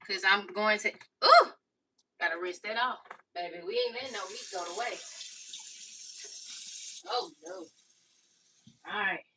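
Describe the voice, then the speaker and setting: A woman's voice: medium pitch, unhurried, long pauses, sharp tone. A woman chatting casually through a cooking tutorial, calling viewers "y'all" and "baby". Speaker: cooking vlogger. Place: home kitchen. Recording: slightly distant mic with faint noise.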